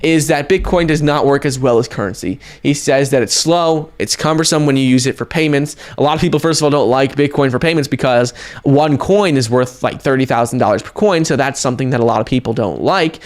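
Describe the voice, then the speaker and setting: A man hosting a crypto news vlog, talking in an energetic, casual way with fillers and restarts. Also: medium pitch. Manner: energetic, talks in quick runs with fillers and restarts. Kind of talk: casual news commentary to camera.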